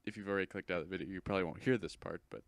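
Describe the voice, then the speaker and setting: A young man with a lowish voice rambling casually over a screen recording. He is goofy and self-deprecating, and the recording is dry and close. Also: very fast, vocal fry, no echo. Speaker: channel host.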